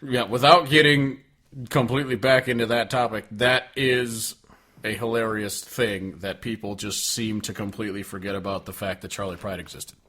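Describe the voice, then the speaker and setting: A man's voice: on the low side, steady tone, moderate pace, sharp tone. A man co-hosting a casual podcast, laid-back and joking, with casual swearing. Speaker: podcast co-host. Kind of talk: casual chat.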